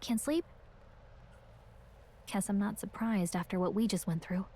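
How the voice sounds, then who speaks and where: An actress playing an earnest, caring young companion in a video game, talking in an encouraging, conversational way. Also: female voice, mid-range voice, unhurried, warm tone. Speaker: game character.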